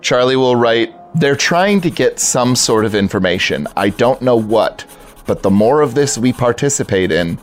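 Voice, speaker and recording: A man's voice: mid-range voice, lively intonation, normal speed, faint music behind. A man playing a tabletop game, casually narrating what his silent character does in third person. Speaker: player. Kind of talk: narrating a mute character's actions.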